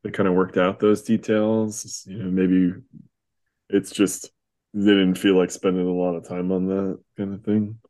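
A man's voice: deep voice, level tone, a little slow, mellow. A man co-hosting a podcast, chatting casually about a comic book and thinking aloud. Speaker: podcast co-host.

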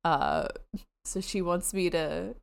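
A young woman from the United States co-hosting a podcast, chatting casually and excitedly with quick asides and frequent laughs. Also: lowish voice, creaky. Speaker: podcast co-host. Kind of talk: casual chat.

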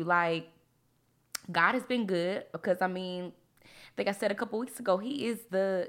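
A young woman hosting a devotional podcast, chatty and animated with preacher-like emphasis and frequent laughs. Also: mid-range voice. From Texas. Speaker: podcast host and faith coach. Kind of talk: casual devotional podcast talk.

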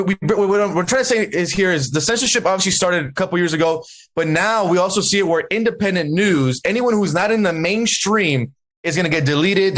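Brief: talkative male guest, high pitch, tells stories. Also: fairly bright tone. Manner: chatty, storytelling, halting restarts. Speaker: podcast guest. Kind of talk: casual political chat.

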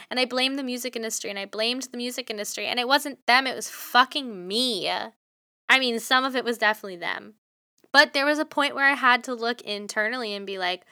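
Young woman host, blunt and fired up, bright and crisp, dry close mic. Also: medium pitch, no echo. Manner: blunt, passionate, swears freely. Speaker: podcast host. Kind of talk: solo motivational podcast.

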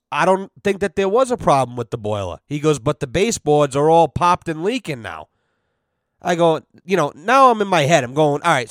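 A man's voice: a little high, no echo, clean studio sound. A man telling a rambling, profane work story on his podcast, full of fillers and quoted back-and-forth dialogue. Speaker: podcast host. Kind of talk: casual storytelling.

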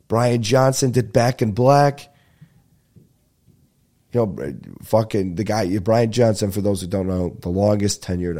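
Low, mellow-voiced profane podcast host. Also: male voice. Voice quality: stuffed-up nasal. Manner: profane, excitable, breaks into bits of singing. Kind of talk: casual rambling monologue.

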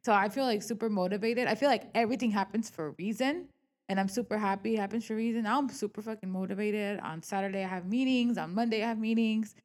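Speaking quickly in a mid-range voice, this young woman is a real estate agent co-hosting a casual podcast. She's frank and animated, swears and uses filler words frequently, and acts out quoted dialogue.

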